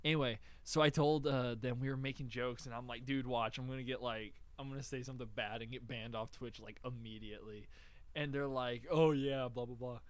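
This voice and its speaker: A young man co-hosting a podcast, telling animated stories with swearing and frequent laughter in casual chat. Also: mid-range voice, fairly quick, dry recording. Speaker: podcast co-host.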